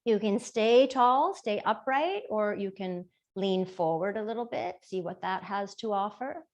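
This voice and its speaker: Slow, gentle woman yoga teacher. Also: mid-range voice, animated. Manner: soft, slow, playful cueing. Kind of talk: gentle guided yoga class.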